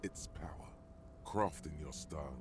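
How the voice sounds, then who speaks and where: A deep, hushed game narrator. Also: male voice, normal speed, soft background music. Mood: tempting. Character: brooding male inner-voice narrator, sly, tempting. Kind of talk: scripted narration.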